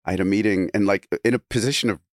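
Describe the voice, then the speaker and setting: A man's voice: lowish voice, racing, no echo, studio quality. A man guest in a casual podcast chat, rambling through stories with restarts and laughing asides.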